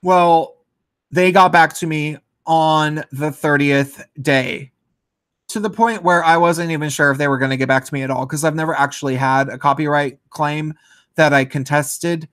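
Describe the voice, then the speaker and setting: YouTuber vlogging solo, male, slightly high, rambling and animated delivery. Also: normal speed, clear, resonant tone. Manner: animated, rambling, with frequent fillers and restarts. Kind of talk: casual chat to camera.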